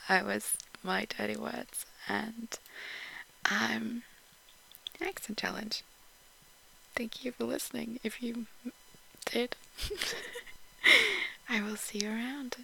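Woman, posh English accent, from Yorkshire, very slow unhurried delivery, gravelly edges, soft whispers, giggly, casual audio post. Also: on the high side, expressive, rough recording. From Yorkshire, England. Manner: often drops to a soft whisper; giggly, with frequent ums. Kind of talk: casual audio post reading word lists.

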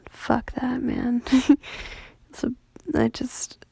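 A woman who has just woken up and is still congested and nasal from a cold, rambling casually in a soft voice with many fillers. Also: flat delivery, extremely slow, vocal fry, breathy edge, no echo, in a whisper. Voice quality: deeper than usual. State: just woke up, sleepy.

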